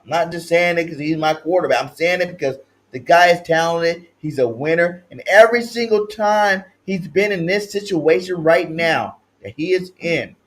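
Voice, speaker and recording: A man from California hosting a livestream sports talk show, slangy and hyped, swinging between loud shouted chants and low mumbled asides. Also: moderate pace, poor audio. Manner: slangy, repeats catchphrases.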